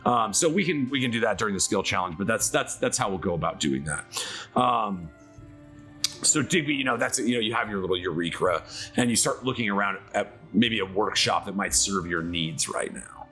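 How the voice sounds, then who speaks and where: Male game master, bright voice, animated storyteller, rambling delivery. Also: lowish voice, moderate pace, faint music behind. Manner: casual, filler-heavy, lively storytelling. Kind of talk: narrating a tabletop game.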